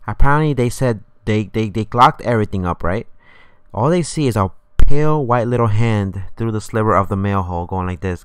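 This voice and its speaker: A man on a live stream telling a scary personal story in an animated, rambling way, swearing often. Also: lowish voice, fairly quick, smooth, no room sound.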